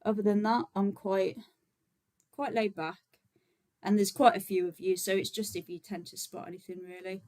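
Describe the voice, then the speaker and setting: A woman's voice: medium pitch, normal speed, low-quality recording. A woman hosting a casual livestream, chatting easily with her viewers and stopping often for fillers and small laughs. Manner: chatty and relaxed, many fillers, frequent laughs. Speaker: vegan activist livestream host.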